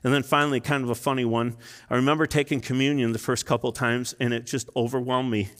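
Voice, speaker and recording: A man in his fifties preaches in a church sanctuary, his mid-range, slightly bright voice quick-paced with little pitch movement. He tells personal stories in an earnest, emotional sermon, with long reverb filling the large hall.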